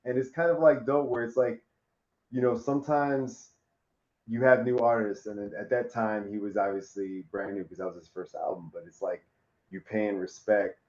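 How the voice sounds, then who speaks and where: A man's voice: lowish voice, steady tone, normal speed, a little mellow. A man co-hosting a podcast, musing and rambling in casual chat. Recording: dull echoey room.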